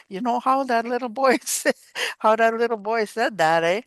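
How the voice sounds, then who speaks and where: An older woman, an elder, gently teaching and telling stories in an unhurried way, repeating her phrases. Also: on the high side, no room sound. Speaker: elder and storyteller. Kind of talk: spoken teaching and storytelling.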